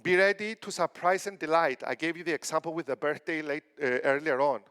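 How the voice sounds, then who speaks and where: A man's voice: on the high side, a little fast, smooth. A middle-aged man from Cyprus giving a conference keynote, telling stories with acted-out quotes. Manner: animated storytelling with acted quotes. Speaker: keynote speaker.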